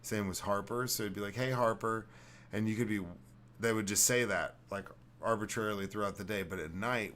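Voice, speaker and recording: A man with a lowish voice chats on a podcast. He rambles through stories with plenty of swearing. Faint noise sits behind him. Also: a bit bright. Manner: rambling, profane, storytelling. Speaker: podcast host. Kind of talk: casual podcast chat.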